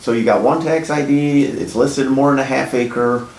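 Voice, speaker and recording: A man who flips houses, telling his own story in a blunt, casual, profane way and getting animated when he quotes himself. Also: moderate pace. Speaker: house flipper. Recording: echoey room with faint rumble.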